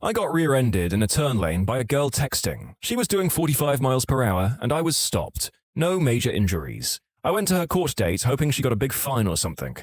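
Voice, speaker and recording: Male story narrator, scripted reads, animated intonation, mid pitch. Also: brisk, few pauses, no room sound, clean studio sound. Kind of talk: scripted narration of online stories.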